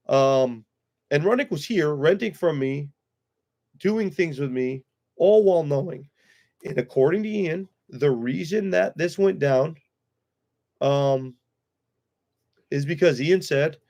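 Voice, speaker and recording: A man talking on his own livestream in a blunt, profane rant, his voice sitting somewhat high for a man. He keeps the tone heated and unfiltered, swearing freely as he lays out his side. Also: expressive, slow, long pauses, darkish tone. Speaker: livestream host.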